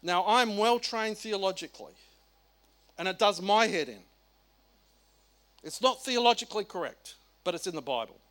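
A middle-aged Australian man preaching a sermon, animated and colloquial, firing off rhetorical questions. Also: high-pitched, normal speed, long pauses. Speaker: pastor.

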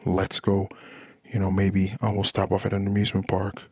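A man's voice: low voice, monotone, moderate pace, slightly rough, dry recording. A man hosting a podcast, venting in a rambling, frustrated monologue about his marriage. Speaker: podcast host.

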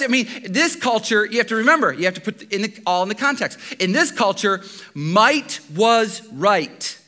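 Male pastor, high bright voice, lively sermon delivery that leans on rhetorical questions. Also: normal speed. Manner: animated preaching with rhetorical questions and repetition.

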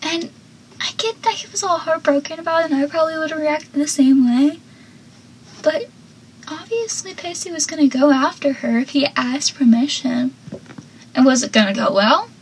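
A woman's voice: high-pitched, moderate pace, a little hiss or hum, poor audio. A young woman hosting a podcast, chatting casually and with strong opinions as she recaps a TV episode, with lots of "like.". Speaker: podcast host.

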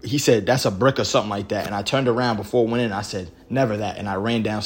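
A man co-hosting a podcast retells a pickup basketball game in casual chat, using profane slang and animated storytelling. His voice is on the low side and rapid-fire, with slight background noise.

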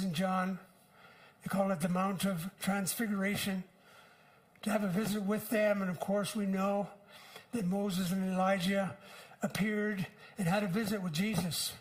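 A man's voice: high-pitched, rough recording. Older man preaching a sermon. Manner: earnest, unhurried preaching with frequent pauses. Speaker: pastor.

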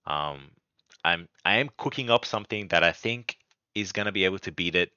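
Male podcast host, deep but bright tone, chatty and rambling, dull lo-fi dry recording. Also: lively intonation, a little fast, clear, resonant tone, no room sound. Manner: rambling, many ums and restarts. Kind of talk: casual card game strategy talk.

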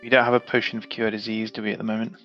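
A man's voice: on the low side, completely flat delivery, rapid-fire. Player dude, trips over his words, dull dry recording, faint music. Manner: stammering, repeating words. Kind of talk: casual tabletop play.

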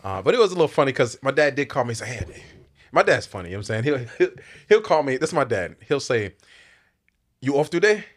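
Quick, lively-voiced man telling stories. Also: mid-range voice. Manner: storytelling, laughs often, fills with "you know what I mean". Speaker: podcast guest. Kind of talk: casual chat.

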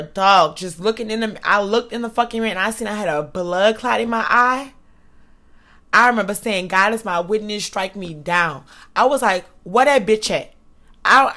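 A young woman tells a wild personal story in casual, profane speech. Her voice sits high and sounds bright and forceful. She talks loudly and with lots of emphasis. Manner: animated, profane, loud and emphatic.

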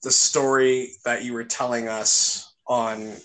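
A host wrapping up an interview and asking the guest for a story, speaking in a slow, deliberate way. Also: medium pitch, little pitch movement, a bit bright, low-quality recording. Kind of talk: interview wrap-up.

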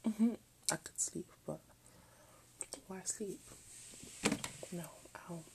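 A woman's voice: fairly low pitch, very slow, gravelly, dark tone, a little hiss or hum, low-quality recording. A teenage girl chatting casually late at night in her bedroom, rambling and often dropping into half-whispers. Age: late teens. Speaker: vlogger.

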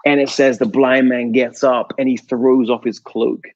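Gravelly man preaching in spoken-word rhythm. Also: mid-range voice, little pitch movement, unhurried, darkish tone, dry recording, lo-fi sound. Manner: rhythmic, repeating phrases, dropping to near whispers. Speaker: poet giving a conference talk. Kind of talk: spoken-word sermon talk.

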